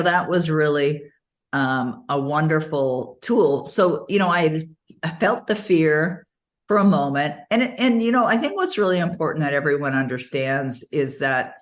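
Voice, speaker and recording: Middle-aged woman, interview guest, low voice, animated storyteller who laughs often. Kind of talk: casual interview conversation.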